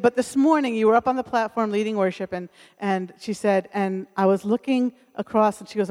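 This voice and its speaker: A woman's voice: medium pitch, darkish tone. A middle-aged woman giving a sermon with a personal testimony, telling the story earnestly and acting out the voices of the people she quotes. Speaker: speaker at a church service. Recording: long hall reverb.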